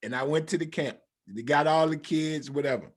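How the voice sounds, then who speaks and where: A man's voice: on the high side, a little fast. A man, a former football player and coach, telling stories in a casual chat and acting out the dialogue as he goes. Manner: animated storyteller acting out quoted dialogue.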